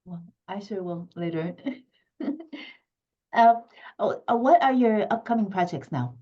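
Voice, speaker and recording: A woman hosting a radio interview, halting and full of fillers. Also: mid-range voice, expressive, warm tone, breathy edge. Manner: halting, many fillers and restarts. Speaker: radio host. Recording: muffled lo-fi line.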